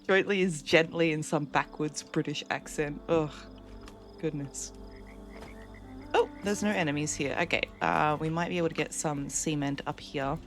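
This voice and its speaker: A woman's voice: deep voice, steady tone, moderate pace, faint music behind. A woman streaming a game at home, chatting casually with her viewers and laughing easily. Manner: chatty, reads out and answers chat, laughs easily. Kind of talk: casual live-stream chat while gaming.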